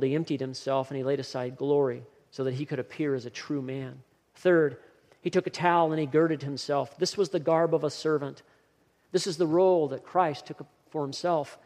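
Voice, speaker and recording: A man's voice: on the high side, a little mellow. Earnest male preacher in a reverberant hall. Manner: earnest preaching, rising emphasis, repeats key phrases. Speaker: pastor. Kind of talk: sermon.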